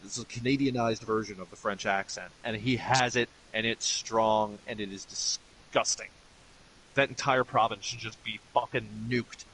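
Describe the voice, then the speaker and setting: A man's voice: lowish voice, steady tone, normal speed, fairly bright tone, a little hiss or hum, low-quality recording. Ranting, foul-mouthed middle-aged man. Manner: profane, ranting, blunt. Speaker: gaming streamer. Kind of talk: casual commentary over gameplay.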